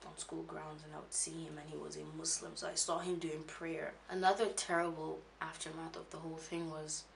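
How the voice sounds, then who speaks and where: A young woman telling a painful personal story, halting, with many restarts and fillers, audibly shaken as she recalls it. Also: low voice, little pitch movement, creaky, slight background noise. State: emotional, shaken when recalling. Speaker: vlogger.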